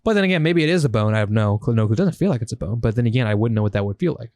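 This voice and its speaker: A young man co-hosting a casual podcast, swearing and telling stories in an animated way. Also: mid-range voice, very fast, no echo. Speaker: podcast co-host. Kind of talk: casual chat.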